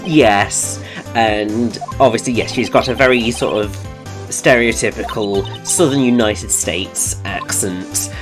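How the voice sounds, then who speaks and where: A man's voice: lowish voice, takes it slowly. A man from the English Midlands co-hosting a game playthrough, chatty and explanatory, drifting into side topics, with game music behind. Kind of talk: casual chat.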